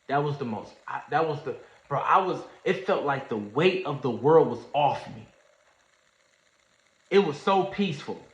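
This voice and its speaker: A man telling a story in a casual livestream, animated and slangy, acting out what others said. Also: mid-range voice, moderate pace. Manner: animated storyteller, acts out quoted voices, Southern US slang. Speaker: trading streamer. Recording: echoey room, dull lo-fi sound.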